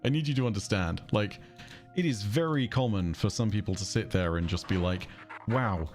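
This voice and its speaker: A man's voice: on the low side, a little fast, a little mellow, faint music behind. A man with a southern English accent streaming a game, chatting casually in a rambling way and breaking off to react to the game. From England. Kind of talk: casual livestream chat while gaming.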